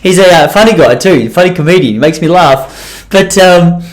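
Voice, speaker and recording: A man's voice: high voice, lively intonation, moderate pace. A man hosting a solo podcast, rambling and self-deprecating, with many restarts. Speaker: podcast host.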